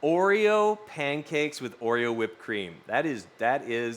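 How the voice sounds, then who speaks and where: A man's voice: medium pitch, slow pace. A man casually chatting with his stream audience, rambling through stories and swearing freely. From US West Coast. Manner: animated, swearing, rambling storytelling. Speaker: streamer reading chat. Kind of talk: casual live-stream chat.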